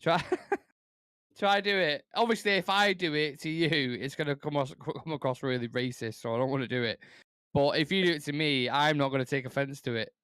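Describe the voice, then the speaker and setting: A man's voice: on the high side, normal speed, a bit bright, clean tone, no room sound, clean studio sound. A man co-hosting a live football watchalong, bantering, joking and swearing casually. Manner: joking, swears, says "mate".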